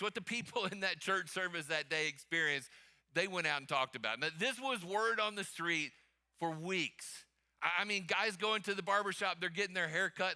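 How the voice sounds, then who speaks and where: A male pastor preaching a sermon emphatically, calling on the congregation to answer out loud. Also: sits high. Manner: emphatic, calls for congregation responses.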